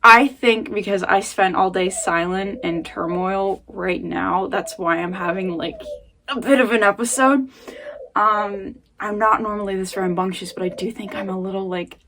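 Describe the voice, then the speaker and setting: A woman vlogging an emotional casual rant from home, rambling and swinging between muttering and loud outbursts. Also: mid-range voice, moderate pace, vocal fry.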